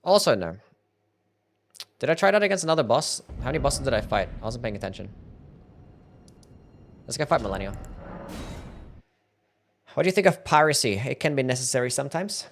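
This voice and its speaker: A man's voice: medium pitch, very animated, a little fast, creaky, pauses often. A young Australian man casually commentating a live game stream, answering chat questions and swearing freely.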